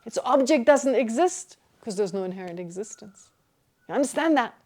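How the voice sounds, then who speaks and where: A woman from Germany, giving a Buddhist teaching to a class in a lively, joking way with rhetorical questions. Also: fairly high pitch, moderate pace. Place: meditation centre teaching hall.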